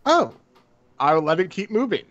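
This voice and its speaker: A man's voice: sits high, big pitch swings, normal speed, a bit bright. A man playing a tabletop game, stating his actions in short, matter-of-fact lines. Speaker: player. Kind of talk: casual tabletop play. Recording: dull lo-fi sound.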